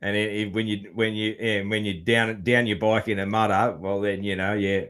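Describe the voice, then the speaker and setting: A man's voice: on the low side, flat delivery, moderate pace, a bit bright, smooth. A man with an Australian accent hosting a podcast interview in a laid-back, casual way, swearing freely and leaning on fillers. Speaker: podcast host.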